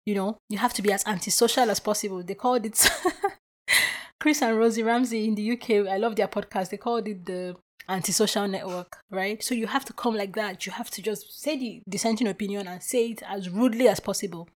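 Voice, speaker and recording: A woman's voice: mid-range voice, brisk, slight background noise. A woman hosting her own podcast, talking through her thoughts in a casual, reflective solo monologue full of fillers. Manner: animated storyteller who acts out quoted voices; chatty and reflective with frequent filler words. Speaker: podcast host.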